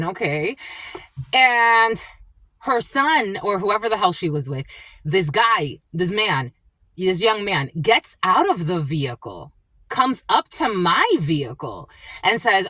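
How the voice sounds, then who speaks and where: Woman, spiritual reader, casual storytelling, swinging pitch, blunt and profane, dry close sound. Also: normal speed, no room sound. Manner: blunt, profane, animated retelling; addresses listeners as "my lovies".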